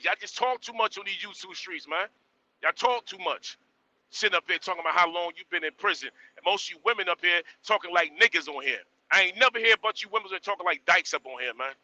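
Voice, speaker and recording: A man's voice: high-pitched, pushed and bright, no echo, low-quality recording. A man hosting a live stream, scolding his audience in a blunt, repetitive rant. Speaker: livestream host. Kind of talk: ranting live stream monologue.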